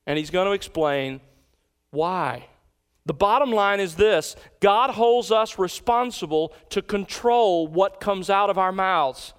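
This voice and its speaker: A male pastor delivers a sermon in a fairly high, clear and resonant voice. He is emphatic and slows down to repeat his key lines. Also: lively intonation.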